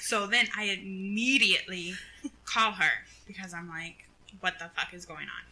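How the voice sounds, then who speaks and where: Bright-voiced young woman telling a story. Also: fairly low pitch, moderate pace, rough recording. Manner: animated storyteller, acts out quotes, laughs often. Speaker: podcast co-host. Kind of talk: casual storytelling chat.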